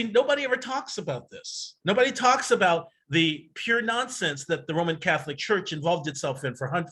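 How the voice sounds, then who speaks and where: A man leads an astrology workshop over a video call in a loose, lecturing style. His voice sits high and sounds bright and sharp. He rambles and digresses, restarts often, and drops the odd swear word. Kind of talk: casual lecture.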